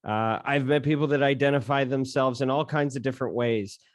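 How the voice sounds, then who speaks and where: A man's voice: mid-range voice, steady tone, a little fast, dry recording, studio quality. A man hosting an interview, asking questions with hesitant repeats and fillers. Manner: hesitant, repeats words, many "uh"s. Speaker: interview host. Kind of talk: podcast interview.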